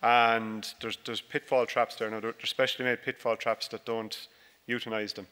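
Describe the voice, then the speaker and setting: A man, a dairy farmer, giving a relaxed, joking conference talk with many fillers and restarts, recorded by a stage microphone. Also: mid-range voice, moderate pace, clear, resonant tone. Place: large conference hall. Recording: reverberant hall.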